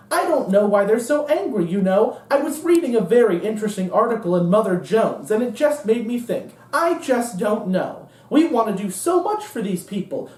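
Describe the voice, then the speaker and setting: A monologuist putting on a smug liberal insider who wonders aloud with mock innocence, their voice swinging through a lively range. It sounds distant in a roomy theater. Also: medium pitch, close to an everyday voice.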